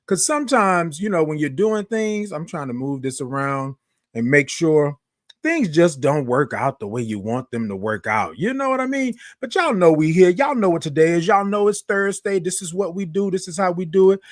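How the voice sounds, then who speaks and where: A man's voice: a little high, animated, no room sound, studio quality. Chatty livestream host, man. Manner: chatty, greets viewers by name, drawn-out sung "good morning". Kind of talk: casual livestream talk. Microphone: microphone close to face.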